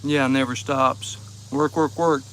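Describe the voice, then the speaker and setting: An easygoing man from Ohio chats with viewers on a livestream while he sits outside at his table. His voice sits at an ordinary middle pitch, his manner relaxed and joking, with a soft chuckle never far off. A faint hush of outdoor noise runs under the recording. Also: slow pace. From Ohio, USA. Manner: laid-back, chuckling often, easygoing and joking. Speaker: livestream host. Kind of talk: casual livestream chat. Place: outdoors behind the house, with insects.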